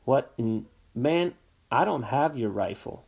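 A man's voice: medium pitch, animated, slow, gravelly, a little mellow, husky, heavily acted. A man reading aloud, voicing a frantic teenage boy on the phone whose voice jumps upward in panic. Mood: panicked.

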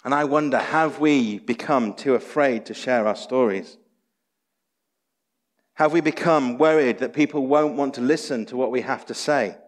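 A man's voice: mid-range voice, normal speed. A man preaching a sermon as pastor, earnest and exhorting, full of rhetorical questions. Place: church sanctuary. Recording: long church hall reverb.

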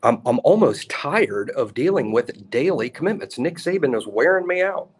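Measured man co-hosting a sports podcast. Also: medium pitch, sing-song, husky. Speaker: podcast co-host. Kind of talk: casual sports podcast analysis.

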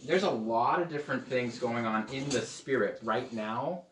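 A man's voice: medium pitch, moderate pace, fairly bright tone, slight background noise. A man preaching a casual, joking sermon to a small group, now and then slipping into playful put-on accents. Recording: echoey room, mic at a distance.

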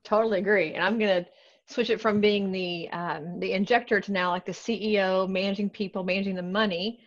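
A woman's voice: mid-range voice, fairly even intonation, a little fast. A woman co-hosting a webcast, chatty and self-deprecating. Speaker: webcast co-host. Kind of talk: casual webcast chat. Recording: dull lo-fi audio.

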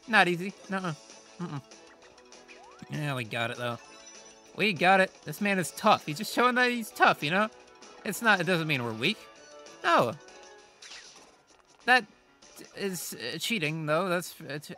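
Lively, bright-voiced man playing a game. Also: fairly high pitch, a little slow, long pauses, soft background music. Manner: rambling, self-deprecating, reacts aloud to the game. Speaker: let's play host. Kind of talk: casual gameplay commentary.

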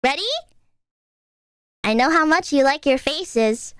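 A woman's voice: sits high, expressive, slow, fairly bright tone, no room sound, studio quality. A young woman streamer talking playfully and teasingly, making goofy noises. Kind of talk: casual stream chat.

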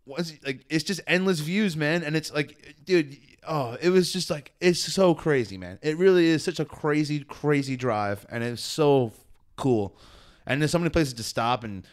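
A man's voice: a little high, expressive, moderate pace. A man co-hosting a podcast, telling a travel story in a laid-back, profane way with lots of "dude" and "man". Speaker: podcast co-host. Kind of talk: casual chat.

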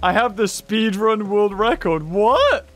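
Excitable high-voiced gamer guy. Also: slow. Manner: excitable, laughs a lot, yelps and shouts at scares. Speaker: gaming YouTuber. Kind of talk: gameplay commentary.

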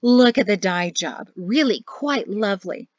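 A woman's voice: medium pitch, animated, measured pace, dry recording. A woman voicing a cheerful, pushy older mother-in-law who talks in a sing-song way. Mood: chirpy. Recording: dry, slightly muffled audio.

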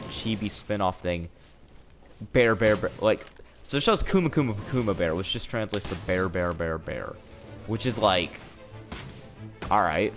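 A man live-streaming a video game, rambling sarcastically and bursting out excitedly during fights. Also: fairly low pitch. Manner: sarcastic, self-mocking rambling with excited outbursts. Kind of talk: live gameplay commentary. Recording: game music playing under voice. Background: game music.

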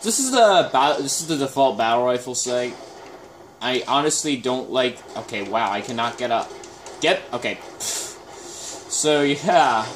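Animated slow-talking man gaming. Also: mid-range voice, slight background noise. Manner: chatty, reacts aloud with sudden exclamations and muttered groans. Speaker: gameplay commentator. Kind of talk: casual live gameplay commentary.

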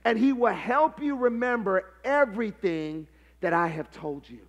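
Very high-voiced preaching man. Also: expressive, moderate pace. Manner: call-and-response preaching, prompting the congregation; builds to shouted, sing-song passion. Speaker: pastor. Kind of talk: live sermon.

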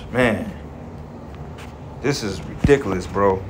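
A man's voice: fairly low pitch, background noise. A man teaching scripture in an angry, profane way, reading verses aloud and tagging his lines with "man" and "okay". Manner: profane, heated, ends phrases with "man" and "okay"; reads verses aloud in measured cadence.

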